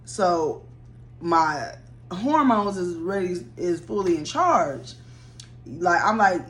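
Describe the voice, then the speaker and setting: A woman in her mid-thirties telling a rambling personal story to her viewers, chatty and animated. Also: lowish voice, slow pace, slight background noise. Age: 30s.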